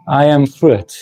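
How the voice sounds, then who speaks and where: A man's voice: mid-range voice, mellow, breathy edge. A man hosting a woodworking live stream, chatting casually with viewers, laughing often and restarting his sentences. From South Africa. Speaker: woodworking channel host. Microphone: camera mic, moving handheld camera.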